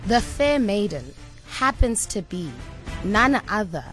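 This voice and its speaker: Woman, radio co-host, mid pitch, dramatic storytelling, light music behind. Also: sing-song, slow pace, fairly bright tone. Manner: dramatic, building suspense. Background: music bed.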